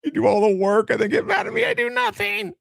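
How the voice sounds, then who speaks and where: A man's voice: extremely high pitch, wildly swooping pitch, quick pace, creaky, a bit bright, dry recording, clean studio sound, pitched above the performer's own voice, full character voice. Whiny tearful man-child. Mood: whining. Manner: whining, crying out.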